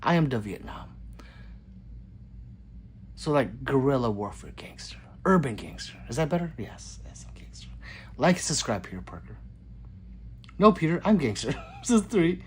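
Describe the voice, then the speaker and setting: A man's voice: mid-range voice, big pitch swings, normal speed, slight background noise. A man hosting his own gun channel livestream, reading viewer comments aloud and joking back in a loose, casual way. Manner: loose, joking, swings between loud greetings and mutters. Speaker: gun channel host reading live chat.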